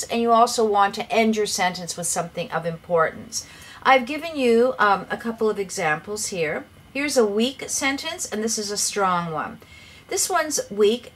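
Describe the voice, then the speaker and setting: Clear, measured woman teaching writing. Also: mid-range voice, a bit bright. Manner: clear, measured teacher's delivery with direct advice. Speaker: English teacher. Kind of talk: lesson explaining writing tips.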